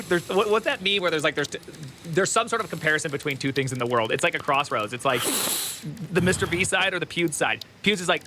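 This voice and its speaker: Excitable rambling male streamer, bright voice. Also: fairly high pitch, fairly quick, slight background noise. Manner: rambling, excitable, laughs often, restarts mid-sentence. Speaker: streamer reacting to a video. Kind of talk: casual live reaction commentary.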